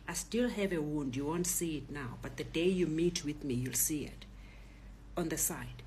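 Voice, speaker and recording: A middle-aged South African woman, a Zulu speaker, telling a personal story in a lively way and acting out the other voices. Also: deep voice, normal speed, slight background noise. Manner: animated retelling, acts out voices and shouts.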